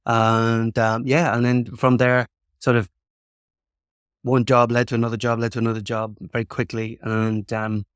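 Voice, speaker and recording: A man's voice: medium pitch, monotone, normal speed, smooth, no echo, clean studio sound. A man in his fifties from Ireland with an Irish accent, a podcast guest chatting casually and telling stories with many ums and restarts. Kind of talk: casual interview chat.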